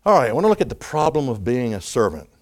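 A man preaching a sermon as pastor, animated, acting out quoted voices, with frequent restarts. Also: medium pitch, fast talker.

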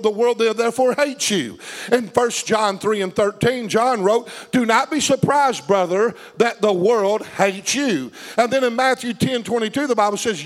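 High-voiced preaching man. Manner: preaching, asks the congregation questions, reads and paraphrases scripture. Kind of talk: sermon.

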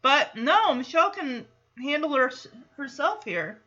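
High bright chatty woman podcaster. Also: expressive, unhurried, highs cut off. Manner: chatty, quotes characters in little voices. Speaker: podcast host. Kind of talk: casual episode recap.

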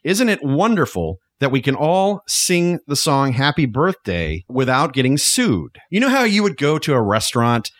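A man's voice: medium pitch, moderate pace, few pauses, dry recording, clean studio sound. A man hosting a casual podcast, upbeat and joking. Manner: upbeat, jokey, lively. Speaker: podcast host.

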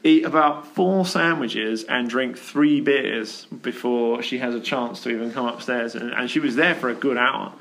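A man's voice: mid-range voice, normal speed, creaky, few pauses, fairly bright tone. A man hosting a casual podcast chat in an office, telling a rambling story with plenty of fillers. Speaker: podcast host.

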